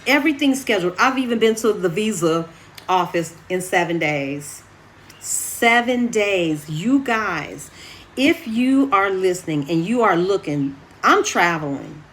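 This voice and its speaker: A woman's voice: lowish voice, a little hiss or hum. Chatty woman talking money to camera. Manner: chatty, animated, addresses viewers as y'all. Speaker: vlogger. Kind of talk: casual chat to camera. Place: her apartment.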